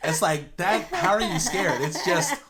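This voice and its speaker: A man co-hosting a relaxed vlog conversation. He is easygoing and agreeable and laughs often, and he speaks in a casual, conversational way. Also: high-pitched, a little slow, crowd noise. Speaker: co-host. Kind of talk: casual chat.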